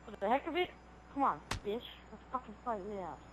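A woman's voice: fairly high pitch, animated, fairly quick, very noisy. A woman playing a swearing, threatening police officer in an improvised game role-play. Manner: bossy, swearing, threatening, shouty.

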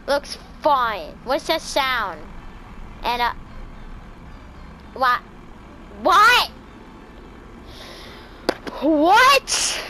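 A woman with a high, bright voice narrates her horror game run, swooping all over her range. She talks to herself and to the characters on screen, breaking into screams when something startles her. A faint hiss sits under the recording. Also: low-quality recording. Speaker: gaming channel host. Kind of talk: let's play commentary.

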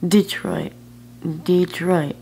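A woman's voice: fairly low pitch, sing-song, drawn-out words, vocal fry, mellow, a little hiss or hum. A woman with a slight lisp from a retainer, chatting and giggling casually in a vlog at a friend's home at night. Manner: giggly, laughs between lines. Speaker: vlogger. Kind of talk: casual travel vlog chat.

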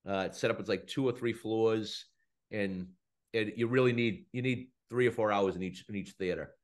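A man speaking as a guest in a casual interview, his voice on the lower side. He talks in a relaxed way, often halting and restarting phrases. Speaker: comedy promoter, guest.

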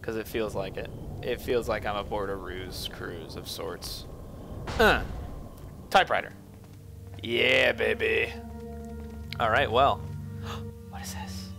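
A man giving goofy, self-mocking commentary while playing a video game, jumping to silly high yelps. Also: takes it slowly, vocal fry, long pauses, over music. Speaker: let's play gamer. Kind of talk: joking gameplay commentary.

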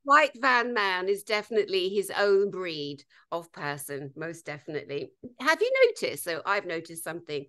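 A woman's voice: fairly low pitch, moderate pace, hardly any pauses, sharp tone. Woman co-host, chatty and a bit hesitant, lots of ums. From Britain. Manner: chatty, hesitant, with many ums and throat clears. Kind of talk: casual chat.

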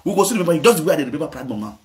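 A man's voice: fairly high pitch, sing-song, very fast, darkish tone. Playful Nigerian man in mocking sing-song. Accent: Nigerian Pidgin. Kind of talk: casual gossip chat.

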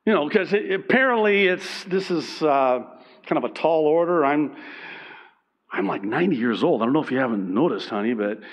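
A man's voice: a little high, expressive, normal speed, lo-fi sound. A man putting on a drawling old Southern woman. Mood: wry. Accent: American Southern. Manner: drawling, teasing, calls listener honey. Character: elderly woman, wry and exasperated.

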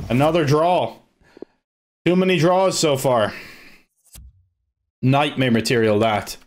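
A young man giving loose live commentary on his own football video game, swearing and shouting at his players. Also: mid-range voice, animated, a little slow, pauses often, music in the background. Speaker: gaming video creator.

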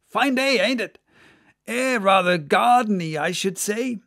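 A man's voice: high voice, animated, unhurried, fairly bright tone, voice pushed up, exaggerated voice. A man doing a bellowing, teasing old-time whaling mate. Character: boisterous joking male whaling mate. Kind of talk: audiobook character voice.

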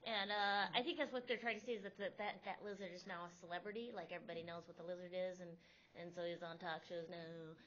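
A woman's voice: fairly even intonation, fast talker, fairly bright tone. A woman comedian on a discussion panel, chatting casually in a rambling, self-interrupting and wry way. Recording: dull lo-fi audio with faint rumble.

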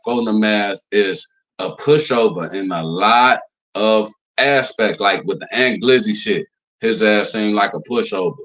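Dude ranting on his commentary channel, cussing a lot, lots of like and you know, bit of a muffled lo-fi sound. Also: a bit bright. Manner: blunt, loose and profane, lots of fillers; acts out quotes in a higher voice. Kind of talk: casual commentary rant. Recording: slightly dull lo-fi recording.

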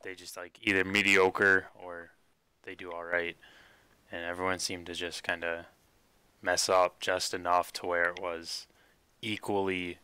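Brief: male co-host, very deep, crisp and bright, loose casual delivery. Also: little pitch movement, unhurried, no echo. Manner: casual, lots of "like". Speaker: podcast co-host. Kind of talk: casual chat.

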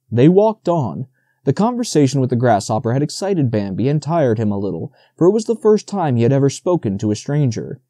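A man narrates a children's classic in a dark, mellow voice with a lively, rising and falling melody. His reading is gentle and expressive. The sound is close and dry. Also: medium pitch, a little fast, no echo. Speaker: audiobook narrator. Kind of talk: scripted narration.

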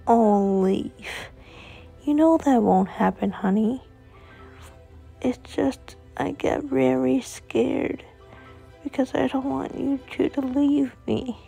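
A woman voicing a loving young mother who comforts her child in a soft, often whispered voice. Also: high-pitched, slow, vocal fry, breathy edge, faint music behind, pitched above the performer's own voice, exaggerated voice. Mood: soothing. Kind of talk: storytelling role-play.

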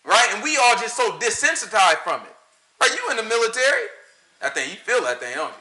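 Southern man, bright high voice, lively Bible teacher, echoey room. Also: brisk. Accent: US Southern country. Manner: animated, rhetorical questions, frequent laughter. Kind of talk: informal Sabbath teaching.

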